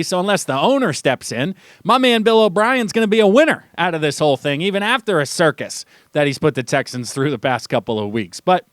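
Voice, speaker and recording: A man's voice: no echo, studio quality. A young man hosting a sports radio show, talking casually and animatedly, mocking what he reports with put-on voices. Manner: animated, mocking, acts out quotes in a high voice. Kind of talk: casual sports talk monologue. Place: radio studio.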